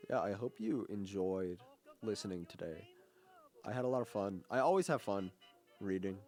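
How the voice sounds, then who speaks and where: Young guy rambling on college radio, lots of ums, lowish voice. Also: expressive, normal speed, darkish tone, soft background music. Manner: rambling, many fillers and restarts. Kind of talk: casual on-air chat.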